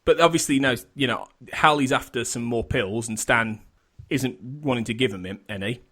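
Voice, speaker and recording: Brief: male podcast host, mid-pitched, loose, rambling chat full of restarts and laughs. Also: moderate pace, a bit bright. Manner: rambling, self-interrupting, laughs often.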